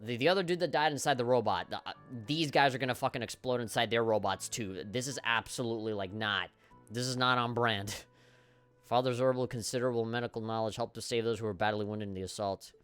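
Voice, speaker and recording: A man streaming a game live, reacting in an excitable, profane way and reading the on-screen dialogue aloud. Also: medium pitch, quick pace, clean tone, faint music behind. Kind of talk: casual live gameplay commentary.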